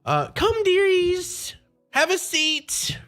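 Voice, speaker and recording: A woman's voice: extremely high pitch, huge pitch swings, fairly bright tone, faint music behind, voice pushed up, exaggerated voice. A woman voicing a sweetly menacing old hag who presses tea on her guests and calls everyone dearie. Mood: cloying. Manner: cloying, calls everyone dearie, drawn-out words.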